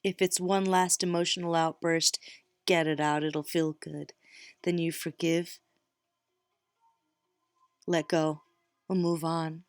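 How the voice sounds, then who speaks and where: A woman's voice: low voice, level tone, takes it slowly, pauses often, smooth, dry recording, clean studio sound, faint music behind. A middle-aged woman reading tarot cards, talking casually and encouragingly straight to her viewers. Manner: warm encouraging pep talk, direct address. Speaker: tarot reader.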